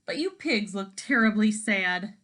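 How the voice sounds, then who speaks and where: A woman voicing a fussy, bossy hen in a storybook read-aloud, shrill and scolding. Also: lively intonation, a little slow, a bit bright.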